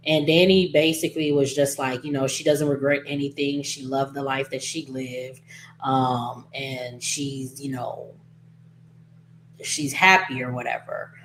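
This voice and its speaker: A woman's voice: rumbling low, flat delivery, a little slow, fairly bright tone, slight background noise. A woman casually recapping a soap opera episode, chatty and gossipy, acting out lines and laughing as she goes.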